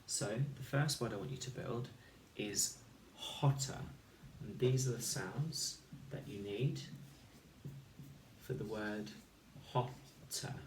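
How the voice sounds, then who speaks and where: Man, phonics teacher, unhurried careful speech, sounds out letters, echoey room, set back from the mic. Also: on the low side, distant mic, slight background noise. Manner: slow, clear, sounds out letters and words. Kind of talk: recorded phonics lesson for children.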